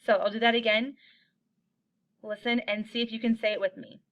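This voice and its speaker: A woman teaching coins to young children in an online lesson, upbeat and encouraging, chanting little rhymes slowly for them to repeat. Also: medium pitch, fairly even intonation, bright, forceful tone, lo-fi sound.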